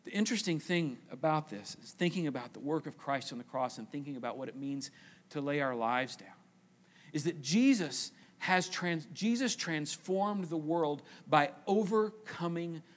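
A man preaching a sermon in church, stressing phrases with slow repetition and letting phrase ends trail off quietly. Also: a little high.

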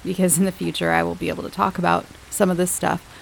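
A woman hosting her own podcast, chatting casually and warmly to her listeners with fillers and little laughs. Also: on the low side, level tone, fast talker, creaky, slight background noise, low-quality recording. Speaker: podcast host. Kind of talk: casual chat.

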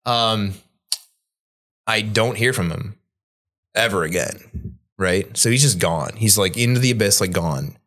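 A man's voice: unhurried, pauses often. A young man, a bartender, telling a story in casual, profane chat with lots of fillers. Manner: animated, jumps pitch to act out other people's lines.

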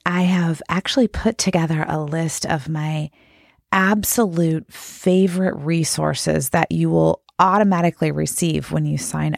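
A woman's voice: fairly low pitch, creaky, a little mellow, dry recording, studio quality. A woman hosting her own podcast, talking earnestly and heartfelt while congested with a cold. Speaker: podcast host. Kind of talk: solo podcast talk.

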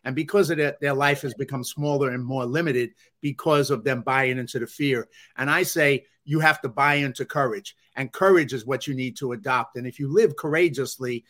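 A man with a deep Bronx New York accent, a guest on an interview show, talking in an earnest, upbeat way with frequent fillers. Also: normal speed, few pauses, fairly bright tone. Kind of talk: conversational interview.

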